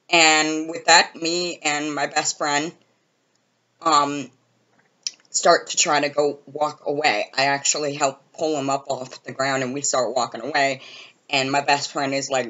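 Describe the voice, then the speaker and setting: Brief: woman, storytime vlogger, unhurried and animated, lo-fi recording. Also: deep voice. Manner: animated, exasperated. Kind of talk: casual storytime vlog.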